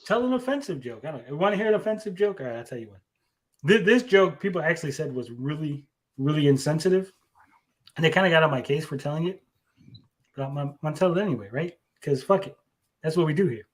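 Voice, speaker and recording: Fast-talking and a little high-pitched, this young man brings lively intonation to a casual podcast he co-hosts. He's a comedian who tells rambling jokes packed with fillers and restarts.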